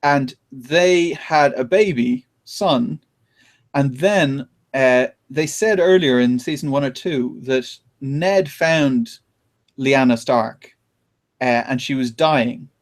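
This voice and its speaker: A man hosting a podcast, chatting casually and retelling things with animated laughter. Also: mid-range voice, slow pace. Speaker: podcast host. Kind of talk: casual chat.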